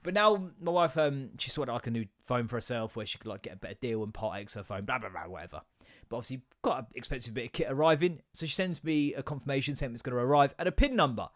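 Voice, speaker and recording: A man, hosting a podcast and telling stories in a casual, sweary, animated way with sudden loud outbursts. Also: medium pitch, fast. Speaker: podcast host. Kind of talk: casual comedic monologue.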